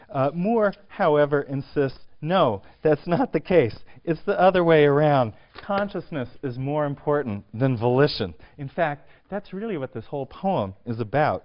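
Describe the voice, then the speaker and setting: A male lecturer speaking to a class in a hall, halting and full of filler sounds as he works through his points. His voice sits at a middling pitch. The recording is dull and lo-fi, as if taped from a lecture hall. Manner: hesitant, many filler sounds and restarts; clears throat often. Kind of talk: university lecture on poetry.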